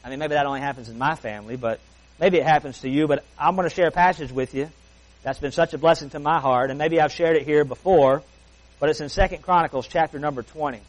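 A man preaching a sermon as pastor, emphatic, slowing down and stretching key words. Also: fairly high pitch, poor audio.

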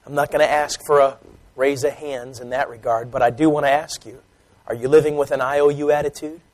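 A man preaching a sermon, swinging from loud, emphatic preaching to soft, quiet asides and often repeating words as he restarts. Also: mid-range voice, steady tone, brisk, low-quality recording. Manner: repeats phrases with stumbles and restarts. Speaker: pastor. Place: church.

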